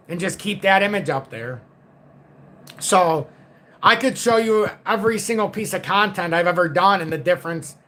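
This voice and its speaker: A man's voice: sits high, pushed and bright. A man hosting a crypto market livestream, ranting in a blunt, profane, cynical way to his viewers. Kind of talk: casual livestream rant.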